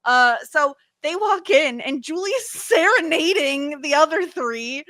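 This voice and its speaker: Lively bright-voiced woman recapping a show. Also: sits high, unhurried, no room sound, studio quality. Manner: animated, laughs often, swears freely. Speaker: podcast co-host. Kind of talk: casual recap chat.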